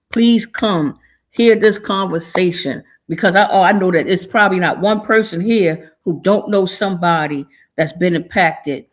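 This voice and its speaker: Woman talk host, emotional and churchy, heartfelt community sign-off. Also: on the low side. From Maryland, USA. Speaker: show host. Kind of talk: casual talk show sign-off.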